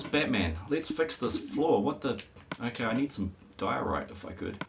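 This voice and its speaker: A man's voice: medium pitch, expressive, normal speed, vocal fry, recorded from a distance. A man, chatting in a rambling, wry way as he streams a game. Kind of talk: casual live-stream commentary. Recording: voice a bit off-mic with faint hiss.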